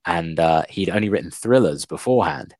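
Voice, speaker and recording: A young man co-hosting a casual book podcast, telling a plot with lots of "like" and an animated retelling. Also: deep voice, fairly quick, dry recording, clean studio sound. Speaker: podcast co-host.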